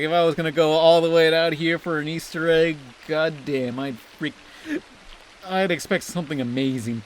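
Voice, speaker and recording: A man's voice: fairly high pitch, a bit bright, a little hiss or hum. A young man giving crude, sarcastic, constantly swearing commentary while playing a video game. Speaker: let's play host. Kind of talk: profane gameplay commentary.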